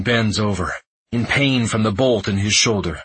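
A man narrating a fantasy audiobook in the first person, tense and measured. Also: on the low side, fairly bright tone, breathy edge, dry recording, poor audio.

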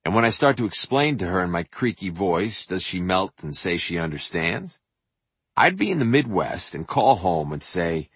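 Reading his memoir aloud at a moderate pace, this narrator has a deep, raspy voice and plenty of swagger and profanity. He animatedly performs bits of dialogue and sings snippets, making his pitch rise and fall widely. Recorded close and bone-dry, as in a vocal booth, there's no echo.

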